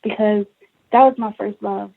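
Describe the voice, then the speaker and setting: A woman's voice: mid-range voice, moderate pace, gravelly. A woman from Brooklyn, New York, a guest author on a talk show, telling her story with feeling and acting out what people said to her. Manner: animated, emotional storytelling with acted-out quotes. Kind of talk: interview on a call-in talk show. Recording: tinny phone line.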